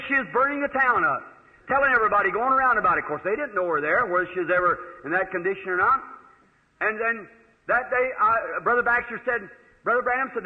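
High-voiced preacher on an old lo-fi hall recording. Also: male voice. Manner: folksy, animated storytelling with acted quotes. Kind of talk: sermon, storytelling.

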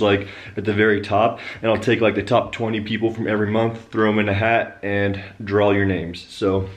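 A man chatting casually and upbeat to his viewers in a home vlog, switching to a high sing-song praise voice for his puppy. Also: a little hiss or hum. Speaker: vlogger.

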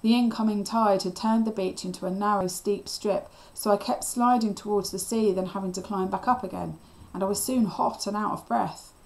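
A woman teacher reading a children's novel aloud. Her storytelling is steady and expressive, and her voice sits in a middle pitch. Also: moderate pace, few pauses, rough recording.

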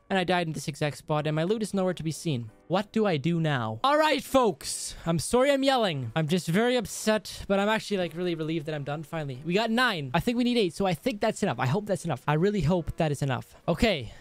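A man hosting a let's play, talking through his game, swinging from frustrated yelling to quiet muttering. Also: on the high side. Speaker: gaming channel host. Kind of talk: let's play gameplay commentary. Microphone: headset or desk mic.

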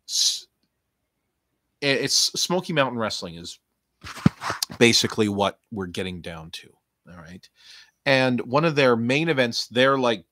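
A man hosting a casual review podcast, his voice bright and bouncing widely in pitch. He rambles and jokes, swears freely and breaks into playful outbursts. The sound is close and dry. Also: animated, unhurried, pauses often, no room sound. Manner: rambling, jokey, profane, with playful bursts. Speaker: podcast host.

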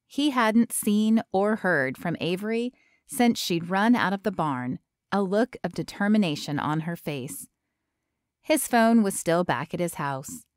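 In a clean, dry studio recording, a woman with a mid-range voice reads an audiobook aloud with steady, measured storytelling.

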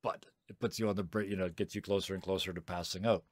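A man's voice: low voice, steady tone, fast, no echo, studio quality. A man running a tabletop game, casually explaining the rules in a rambling way and laughing often. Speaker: game master.

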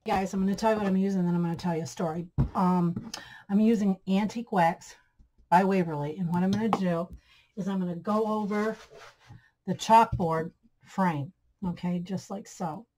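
A woman's voice: mid-range voice, steady tone, moderate pace, dark tone, a little hiss or hum, poor audio. A woman hosting a DIY craft tutorial, chatting to viewers as friends and gushing over her projects. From Michigan, USA. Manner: chatty, keeps addressing viewers as guys and friends. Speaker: craft channel host.

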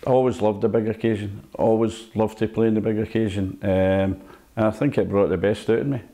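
An older Scottish former footballer telling stories from his career in a relaxed interview, acting out old exchanges and laughing at himself. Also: fairly low pitch, a little fast. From Scotland. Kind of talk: casual reminiscing interview.

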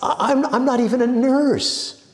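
A man's voice: high voice, animated, slow, pitched above the performer's own voice, exaggerated voice. A man voicing an earnest, flustered young woman missionary who stammers as she pleads, read aloud in a reverberant hall. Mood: distressed. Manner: breathless, stammering pleas. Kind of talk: dramatic reading.

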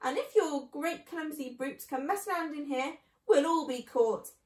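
Woman doing a shrieking male rat, squeaky, rude, storybook reading, echoey room. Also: lively intonation, moderate pace. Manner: shrieking, high and loud.

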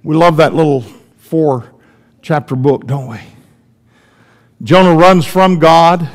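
Man preaching in a church, high voice, dramatic sermon delivery, loud then quiet. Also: slow. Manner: dramatic swings between loud emphasis and hushed tones.

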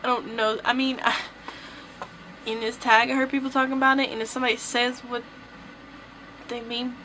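Bright, high-voiced Tennessee woman. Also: slight background noise, low-quality recording. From southern United States. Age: young adult. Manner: chatty, rambling, laughs often. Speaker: vlogger. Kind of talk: casual vlog chat.

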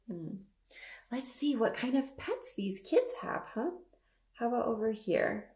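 A woman librarian leading a toddler story time, reading and talking in a slow, sing-song, animated way. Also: on the high side, echoey room. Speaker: children's librarian.

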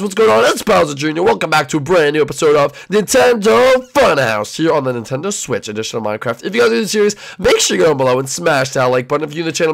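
A man doing an excitable young koopa prince. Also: fairly high pitch, gravelly, voice pushed down, full character voice. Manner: excitable, rambling. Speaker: host. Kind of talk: toy role-play voice acting.

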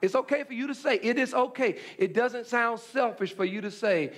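A man with a very high-pitched voice preaches a sermon. He hammers key phrases over and over and restarts words as he drives ahead. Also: normal speed. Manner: repetitive emphatic preaching with stammered restarts. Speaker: pastor.

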